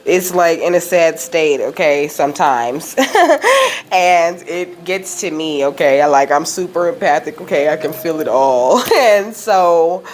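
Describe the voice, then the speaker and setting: A woman hosting her own spiritual channel, talking casually and emotionally, filling every pause with "you know" and "okay?". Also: low-pitched, big pitch swings, a little hiss or hum. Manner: rambling, says "you know" and "okay?" constantly, laughs often; emotional, close to tears at times. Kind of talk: casual spiritual vlog talk.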